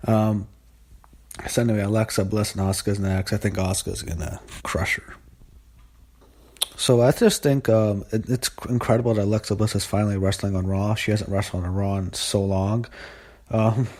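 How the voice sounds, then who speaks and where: A young man with a lowish voice talks through a wrestling show in a loose, rambling way. He leans on fillers and blunt, profane opinions, like a fan reviewing at home. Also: darkish tone. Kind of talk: casual spoken recap.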